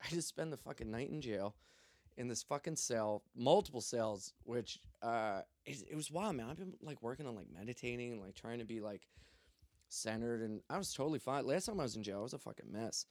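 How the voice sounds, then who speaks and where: A man's voice: mid-range voice, expressive, brisk, darkish tone, no echo, studio quality. Profane, laid-back young man telling a story. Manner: profane, loose, joking. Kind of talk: casual storytelling.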